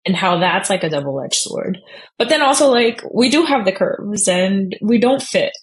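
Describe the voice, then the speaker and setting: A woman guest on a podcast, talking in a rambling, animated way with a low, sultry-toned voice. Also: normal speed. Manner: rambling, animated, self-deprecating. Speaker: guest dietitian. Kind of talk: casual conversational interview.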